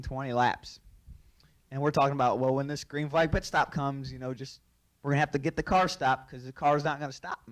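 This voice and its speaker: A man, a racing driver, telling an anecdote, laughing often as he goes. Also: mid-range voice. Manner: animated, laughs through his story. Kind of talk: storytelling anecdote.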